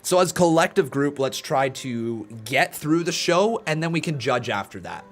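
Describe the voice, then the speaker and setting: A male streamer talking casually to his live chat, greeting viewers by name and cheering them on with earnest encouragement. His voice sits a little higher than most men's. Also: expressive, moderate pace. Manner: chatty, addresses viewers directly by name. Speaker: streamer hosting a live watch-along.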